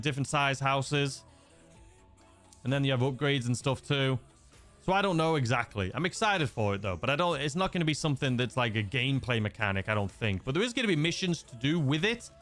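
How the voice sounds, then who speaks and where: A man's voice: mid-range voice, fairly bright tone. A young man from England with a mixed, slightly Scouse-leaning accent, chatting casually as a gaming livestream host, rambling with many fillers and restarts. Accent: mixed English, slightly Scouse-leaning. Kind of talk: casual livestream chat reading viewer messages.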